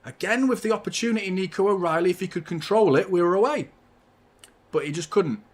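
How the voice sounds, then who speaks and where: A man hosts a live football watchalong, reading the match and chatting to viewers as a partisan fan. His voice sits slightly high, and he talks loosely with plenty of swearing. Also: fairly quick.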